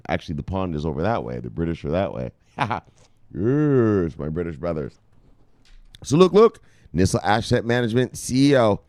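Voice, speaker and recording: A man hosting a crypto news vlog in loud, profane, boisterous casual commentary, laughing often. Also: sits low, no echo, studio quality.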